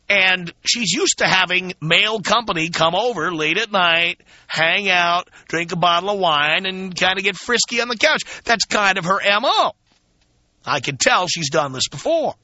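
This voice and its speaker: A man's voice: high voice, pushed and bright. A male talk radio host telling a frank, emphatic story to his listeners, casual and blunt, with many fillers. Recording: dull lo-fi radio broadcast.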